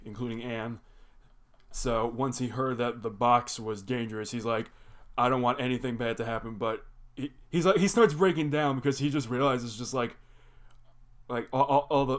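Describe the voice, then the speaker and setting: A young man casually recapping a cartoon episode, rambling and filling his talk with "like". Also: mid-range voice. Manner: rambling, heavy use of "like" fillers. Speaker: reaction video host.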